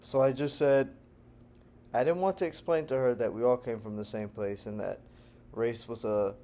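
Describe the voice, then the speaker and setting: A man from Texas talking to camera in a casual vlog monologue, animated and digressive, jumping between loud bursts and low murmurs and laughing often. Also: normal speed. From Texas, United States. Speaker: language-learning vlogger.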